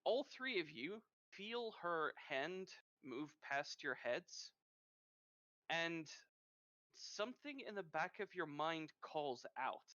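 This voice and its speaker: A Norwegian-accented man narrates a tabletop game as game master, animated and expressive. His voice is bright and lively in pitch. It is recorded dry on a dull, muffled mic. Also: slow, dry recording.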